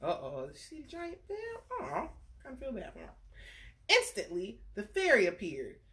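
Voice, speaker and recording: A woman's voice: on the high side, huge pitch swings, normal speed, fairly bright tone. A woman reading a bedtime story aloud, chatting playfully with young listeners between the lines. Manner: playful character voices for the story's figures.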